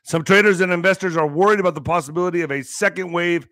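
With a high, fairly bright voice and a fast delivery, a middle-aged man from the US border region hosts a podcast where he reads and ridicules the news. He's emphatic, sarcastic and swears freely. The studio recording is clean, with no room sound.

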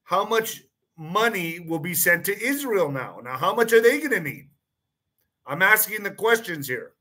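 A man's voice: sits high, animated, moderate pace, sharp tone. A man hosting his own online show, talking through a casual monologue, repeating phrases and framing his points as questions. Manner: repeats phrases, frequent restarts and fillers; poses claims as pointed questions.

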